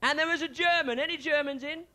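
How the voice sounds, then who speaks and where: A man's voice: very high-pitched, fast talker, pushed and bright. A man doing a stand-up comedy set in a small club, bantering cheekily with the crowd.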